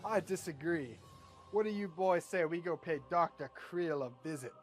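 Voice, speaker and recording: A brash, swaggering crew boss played by a man boasts and curses his way through every pitch, his voice sitting a touch high. It sounds like a comic script read aloud. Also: moderate pace, soft background music, natural voice. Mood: persuasive. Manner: boastful, swearing.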